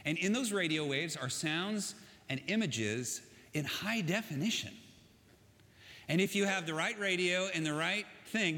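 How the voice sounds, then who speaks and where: Man preaching, relaxed storytelling tone, bright and a bit high, with long reverb from a large church hall. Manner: casual, conversational storytelling with asides. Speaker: pastor. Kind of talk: sermon.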